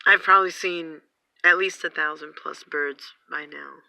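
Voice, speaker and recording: A woman filming outdoors on a phone, giving an excited, breathless running commentary and exclaiming over and over. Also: sits low, a little slow, vocal fry, no echo. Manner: breathless, exclaiming, repeating herself. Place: outdoors in the cold.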